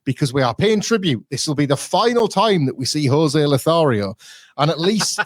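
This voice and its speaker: A man's voice: a little high, animated, normal speed, no echo, clean studio sound. A man co-hosting a podcast, retelling events in a chatty, wry and digressive way. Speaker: podcast co-host. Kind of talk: casual podcast review.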